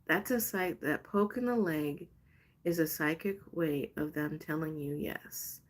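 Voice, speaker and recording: A woman's voice: sits low, unhurried. A woman hosting a casual live stream, chatty and gushing as she pulls cards for a viewer. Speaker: live stream host doing card readings.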